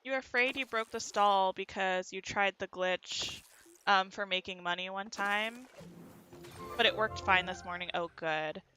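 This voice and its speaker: A woman with a mid-range, bright voice speaks unhurriedly but forcefully over soft background music. She's an American streamer with a neutral accent, chatting casually with her chat while gaming, and her sentences tend to rise at the end.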